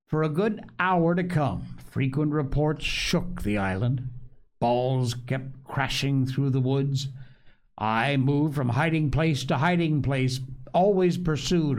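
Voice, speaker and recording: A man narrating a storybook in an expressive, measured voice. His pitch moves in lively swings while he keeps an unhurried pace, lingering over each phrase. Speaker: audiobook reader.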